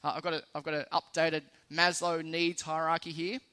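A man's voice: on the high side, level tone, a little fast, pushed and bright, smooth. A man with an Australian accent preaching a sermon in a conversational, lightly humorous way, stressing key phrases.

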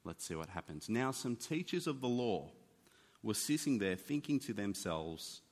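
A man preaching a sermon in an animated, conversational teaching manner. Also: mid-range voice, normal speed. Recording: long hall reverb.

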